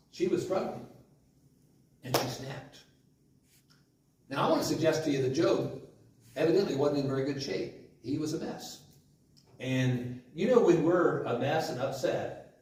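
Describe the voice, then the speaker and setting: A male preacher delivers his sermon in a plain, conversational way, putting questions to the congregation. His voice sits a little high. The sound rings around a very reverberant church hall and reaches the mic from some distance. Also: darkish tone. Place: church sanctuary.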